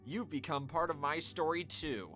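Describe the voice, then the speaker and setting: A man voicing a determined young woman companion, reading her lines in an earnest, measured way. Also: fairly high pitch, bright, forceful tone, faint music behind.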